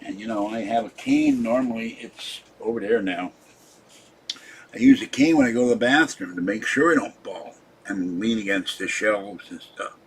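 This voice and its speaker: A man's voice: fairly low pitch, lively intonation, normal speed, slight background noise. An older man hosting a live stream, rambling and scolding his chat viewers in an irritable, complaining way. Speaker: livestream host.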